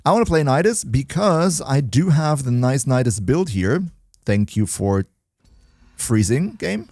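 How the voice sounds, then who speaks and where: A man's voice: mid-range voice, a little mellow, dry recording, clean studio sound. A man chatting casually on a game livestream, playful, laughing often and restarting his sentences. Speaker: game streamer.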